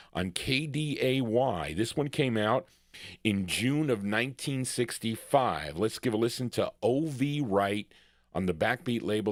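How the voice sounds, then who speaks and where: Low-voiced laid-back male record DJ. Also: no room sound, clean studio sound. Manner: easygoing, chatty, announces requests and chart facts. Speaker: radio show host and record DJ. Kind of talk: casual DJ patter between records.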